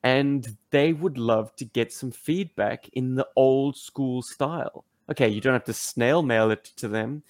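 A man's voice: mid-range voice, measured pace, few pauses, dry recording. A man co-hosting a podcast in casual chat, wry and earnest, laughing often. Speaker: podcast co-host.

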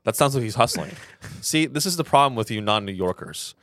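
A man talks in a casual podcast chat with a lively, swinging pitch. He drops joking asides in a mid-range voice. The sound is close and dry. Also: fairly quick, no room sound. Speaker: podcast co-host.

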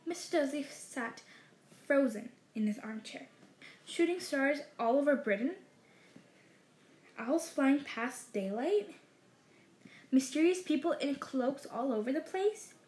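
A woman reading a story aloud in a measured way, slowing down for dramatic phrases. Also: high-pitched, lively intonation, darkish tone. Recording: roomy echo.

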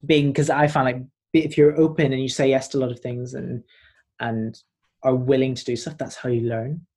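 In a relaxed interview, this twenty-something guest performer from Northern Ireland rambles through his stories with lots of animation. His voice sits at a medium pitch and keeps a moderate pace.

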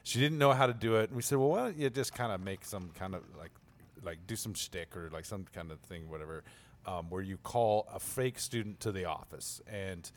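A middle-aged man from Canada hosting a podcast, telling a high school story in a casual chat and laughing his way through it. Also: brisk. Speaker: podcast host.

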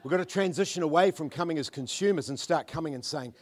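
A man preaching a sermon, swinging between loud, fervent declarations and hushed, murmured prayers. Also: on the high side, fast. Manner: mimics churchgoers in asides.

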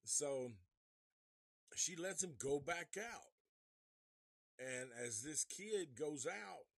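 A man's voice: medium pitch, dry recording. A man giving a casual live movie review, rambling and swearing freely, with many restarts. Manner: rambling, profane, restarts often.

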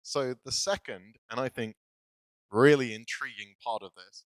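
A man's voice: mid-range voice, normal speed, no room sound, poor audio. A male pastor giving a casual, self-deprecating sermon, laughing often as he talks. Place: church.

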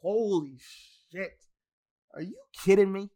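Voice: mid-range voice, slow, mellow. A wrestling fan in a casual, profane rant full of exasperated asides and heavy swearing.

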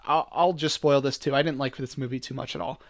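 A man's voice: medium pitch, steady tone, quick pace, vocal fry. A man co-hosting a casual movie review chat, talking loosely with lots of "like" and restarts. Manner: chatty, full of "like" and restarts. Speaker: podcast co-host.

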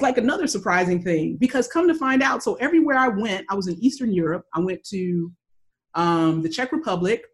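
An American woman with a mid-range voice recounts a travel story in casual conversation. She's lively and performs the voices of the characters she describes.

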